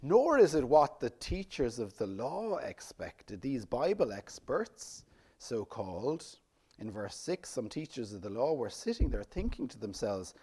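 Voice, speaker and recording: A man delivers a sermon in a husky, mellow voice. His pitch rises and falls widely as he asks his listeners rhetorical questions. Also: very animated, measured pace. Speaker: pastor.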